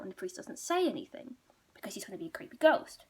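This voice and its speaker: A woman's voice: mid-range voice, very animated, quick pace, breathy edge. A woman storyteller retelling a folk tale casually, chatty and rambling, with many asides.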